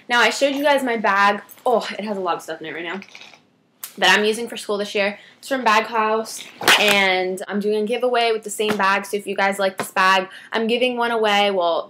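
A woman's voice: medium pitch, a bit bright. A teenage girl talks to camera in a casual beauty vlog. She rambles with chatty asides and backtracks. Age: teens. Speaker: beauty vlogger.

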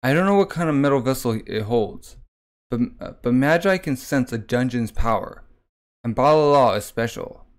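A man voicing a scheming young dark magi who talks in a coaxing, offhand way. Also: mid-range voice, expressive, moderate pace, close to an everyday voice.

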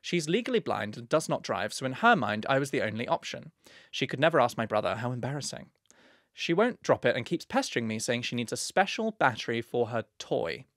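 A man's voice: mid-range voice, very animated, a little fast, fairly bright tone, dry recording, studio quality. A man co-hosting a podcast, chatting casually in a playful, teasing, mock-grand way. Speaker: podcast co-host.

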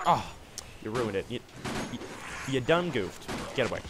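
A young gamer wearing a headset narrates his play casually, goofing off with yelps and silly voices as he rambles. He speaks at a moderate pace in a mid-range voice with big swings in pitch. The background is noisy.

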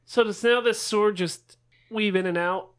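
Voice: medium pitch, a little slow, clean tone. This player talks casually at a tabletop game. They work through their turns by asking questions and thinking aloud. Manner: thoughtful, asks questions.

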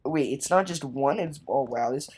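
A man's voice: mid-range voice, moderate pace, a little mellow, slightly rough. A man giving playful, rambling let's play commentary, joking around while playing a game. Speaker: gamer.

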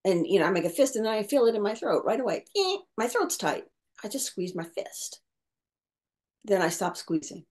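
A woman's voice: medium pitch, expressive, fairly quick, a little mellow. A middle-aged woman talking reflectively about caregiving in an interview, often restarting and repeating words as she thinks. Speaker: caregiver coach. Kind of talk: conversational interview talk.

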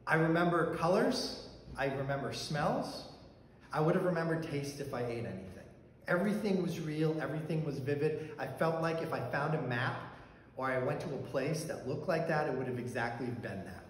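A male pastor telling a personal story in a sermon, conversational, with fillers and restarts. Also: a little high. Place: church sanctuary. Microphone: handheld or stand mic that fell during talk. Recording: very echoey church hall, faint background noise.

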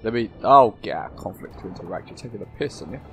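A man's voice: on the low side, lively intonation, rapid-fire, creaky, background noise. A man giving casual, joking gameplay commentary, swearing freely as he plays. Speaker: gameplay YouTuber.

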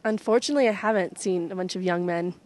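A woman's voice: fairly low pitch, fast talker, darkish tone, poor audio. A female student answering questions in a casual chat. She keeps her replies short and shy.

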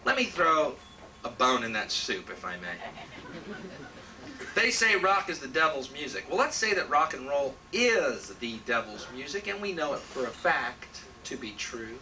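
A man's voice: mid-range voice, very animated, unhurried, slight background noise. A man doing a stand-up set in a comedy club, ranting with a sarcastic, profane edge. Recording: distant live club recording, loud crowd. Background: audience laughter.

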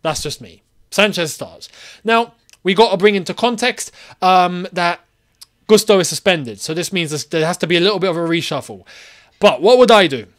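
Man, high-pitched, football vlog host, exasperated, animated, rhetorical questions. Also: normal speed. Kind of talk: solo football opinion vlog.

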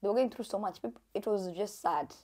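A young Kenyan woman vlogs casually to camera, telling her own story in a chatty, animated way and laughing often. Her voice is medium-pitched and fairly quick.

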